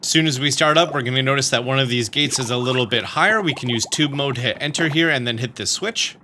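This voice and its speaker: A man's voice: mid-range voice, quick pace, pushed and bright, slight background noise. A man hosting a video game walkthrough, explaining steps in a casual manner.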